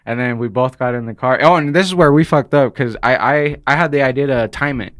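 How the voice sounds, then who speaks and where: A man in casual podcast chat, telling a story at a quick clip. He talks fast and acts out the voices of the people in his story. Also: mid-range voice, a bit bright. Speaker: podcast guest, rapper.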